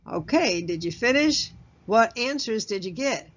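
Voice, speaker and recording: A woman's voice: a little high, expressive, unhurried. Lady trainer talking through a work communication course, chatty, asks you stuff, bit dull lo-fi sound. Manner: conversational, asks the listener questions; chuckles at herself, loose fillers and restarts. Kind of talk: recorded training lecture. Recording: slightly dull lo-fi audio.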